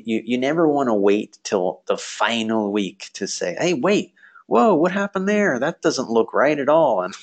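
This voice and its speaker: Nasal male instructor in a virtual class. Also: on the low side. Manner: casual, rambling, friendly, frequent fillers and laughs. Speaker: online course instructor. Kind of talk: live virtual class session.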